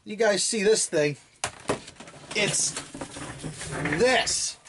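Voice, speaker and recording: Excitable high-voiced man rambling. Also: extremely slow, background noise. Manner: rambling and excitable, laughs often. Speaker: toy blaster hobbyist unboxing a gift. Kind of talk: casual unboxing chat.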